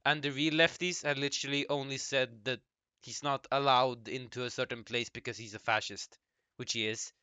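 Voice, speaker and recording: A man's voice: medium pitch, fairly even intonation, moderate pace, pushed and bright, clear, resonant tone, no echo. A man giving casual reaction commentary, cutting in with blunt, dismissive rebuttals. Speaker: YouTube commentator reacting to a clip.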